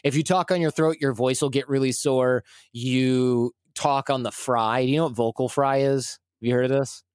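A man's voice: mid-range voice, steady tone, moderate pace, darkish tone, clean tone, no echo, studio quality. A man from Michigan in his forties, talking as a guest in a casual, rambling and self-deprecating way. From Michigan, USA. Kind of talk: casual conversational storytelling.

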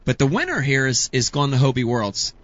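A man hosting a casual chat show, excitable and quick to exclaim. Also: mid-range voice. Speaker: show host. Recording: muffled lo-fi recording.

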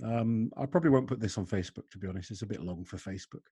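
A man with a husky voice hosting a casual podcast chat in an easygoing way. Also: on the low side, racing, warm tone, no room sound, clean studio sound. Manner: easygoing, frequent fillers. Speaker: podcast host.

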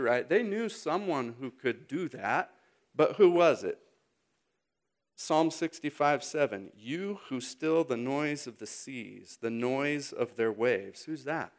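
A man in his thirties preaching a sermon, retelling the story with lively acted-out moments and sudden loud bursts. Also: mid-range voice, slow. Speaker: speaker.

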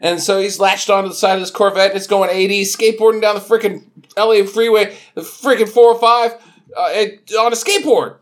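A man co-hosting a casual comedy podcast, retelling a film's plot with loud sound effects and put-on voices. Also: sits high, steady tone, a little fast. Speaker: podcast co-host. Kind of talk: casual comedic movie recap.

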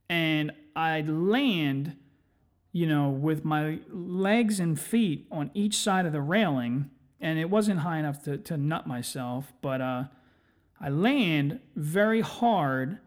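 A man hosting a solo podcast, telling rambling, profane, self-mocking stories. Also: on the high side. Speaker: podcast host. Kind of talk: casual solo storytelling.

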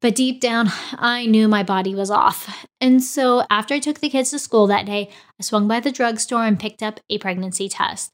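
Lively woman telling a personal story. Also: a little high, normal speed, few pauses. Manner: animated, acts out quoted dialogue. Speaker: podcast host.

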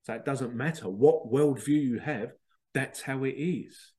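A middle-aged man with a voice of ordinary middle pitch, talking loosely and casually as a podcast host. He rambles from thought to thought and slips into little voices for the people he quotes. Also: unhurried, mellow. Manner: chatty, rambling, acts out quotes. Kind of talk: casual monologue.

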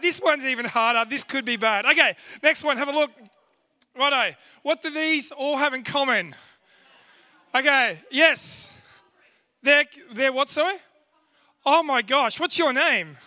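Aussie guy, really high and bright voice, jokey church talk with the crowd. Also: expressive, moderate pace. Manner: playful, jokey, quizzing the crowd. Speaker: church speaker. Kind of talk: lively talk with a church audience.

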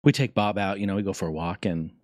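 A man hosting a casual talk show, rambling through news and stories in a profane, joking, animated way. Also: low-pitched, fast, no room sound, clean studio sound. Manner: profane, jokey, animated storytelling. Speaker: podcast host.

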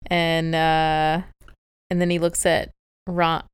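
Chatty woman co-host, smooth clear tone, laughs a lot, casual at-home recap. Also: deep voice, monotone, slow pace, no echo. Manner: giggly, laughs often. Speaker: podcast co-host. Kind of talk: casual chat recapping a TV show. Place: home, with a cat.

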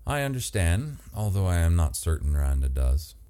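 A man voicing a calm, coolly formal, uncanny male stranger in an audiobook, soft-spoken and precise. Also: low-pitched, moderate pace.

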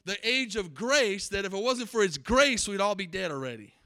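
A man preaching a sermon, emphatic, repeating key words and building to loud climaxes. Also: sits high, lively intonation, normal speed. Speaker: pastor.

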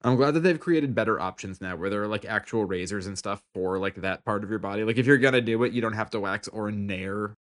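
A man's voice: lowish voice, quick pace, few pauses, a bit bright. A man co-hosting a podcast in casual chat, making joking asides. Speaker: podcast co-host.

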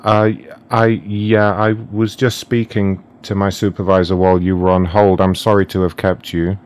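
A man's voice: low-pitched, flat delivery, moderate pace, natural voice. Ron, a man playing a meek stammering phone agent. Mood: flustered, apologetic. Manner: stammering, apologetic, polite. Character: meek, flustered male customer-service agent. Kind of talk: prank call role-play.

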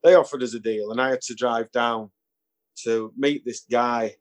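A man's voice: medium pitch, fairly even intonation, normal speed. A man, a musician guest telling anecdotes in a casual interview, chuckling and acting out the voices of people he quotes.

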